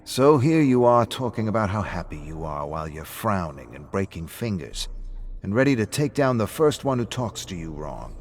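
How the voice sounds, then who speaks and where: A calm, sardonic pub owner who pokes at his friend in a dry, measured way, as a man puts him on for a story. The voice stays low and even. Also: faint music behind. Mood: earnest. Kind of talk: audiobook-style story reading.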